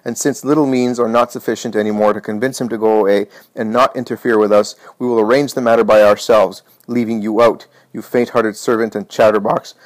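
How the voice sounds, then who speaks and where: A man voicing a threatening, arrogant male high priest in a dramatized religious reading. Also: steady tone, brisk, few pauses, no echo, close to an everyday voice. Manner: harsh, threatening.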